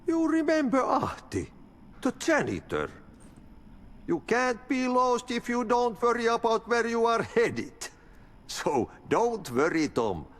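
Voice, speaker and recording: Game role: an eccentric Finnish janitor, slow and high, swooping chuckling delivery, folksy proverbs. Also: male voice, huge pitch swings, a bit bright, exaggerated voice. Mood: cryptic cheerful. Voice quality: sing-song, chuckling, folksy sayings. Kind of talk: video game dialogue.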